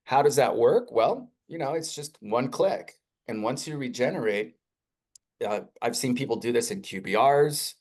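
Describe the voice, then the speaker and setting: A man presenting a live webinar software demo in an energetic, conversational sales style. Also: normal speed. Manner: energetic, conversational salesy pitch with rising emphasis.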